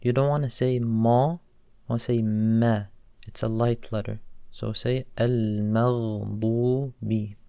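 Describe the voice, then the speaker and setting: A man teaching pronunciation slowly and carefully, repeating each sound to demonstrate it. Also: mid-range voice, fairly even intonation, creaky, warm tone, clean tone, dry recording. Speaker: recitation teacher. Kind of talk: instructional explanation.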